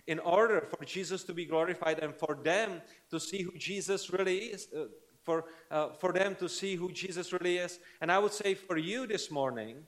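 Brief: male preacher, slightly high voice, earnest and conversational sermon delivery. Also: normal speed, a bit bright. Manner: earnest, conversational, frequent tag questions.

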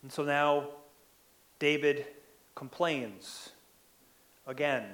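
A man's voice: on the high side, steady tone, very slow, a bit bright. A man preaching a sermon in an earnest way, often repeating words as he presses a point.

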